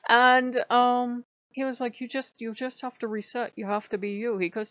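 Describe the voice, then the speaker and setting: A woman's voice: a little high, steady tone, normal speed, fairly bright tone, no room sound, muffled recording. A tired woman talking late at night in a rambling, candid vlog monologue, self-mocking and swearing now and then. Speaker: pagan spiritual vlogger. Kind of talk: casual spiritual vlog monologue.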